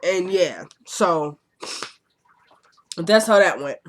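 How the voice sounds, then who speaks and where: A woman casually recapping a TV episode, chatting and acting out the characters' lines in quick quotes, with exasperated asides. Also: lowish voice, animated.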